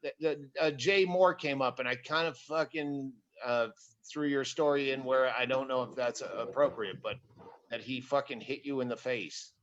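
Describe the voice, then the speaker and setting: A man's voice: mid-range voice, steady tone, moderate pace, fairly bright tone, lo-fi sound. Loose profane man in casual chat. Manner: loose, profane, self-mocking.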